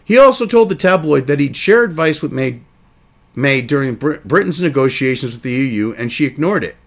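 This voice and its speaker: A man's voice: mid-range voice, lively intonation, brisk. A man hosting a crude, indignant commentary show, reading news excerpts aloud and then ranting about them. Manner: reads article excerpts then reacts.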